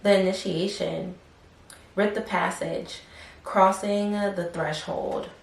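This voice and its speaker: A woman doing a casual tarot reading, rambling with many fillers and softly murmuring questions to spirit between cards. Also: mid-range voice, fairly even intonation, slow, gravelly. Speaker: tarot reader. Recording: roomy echo, faint background hiss.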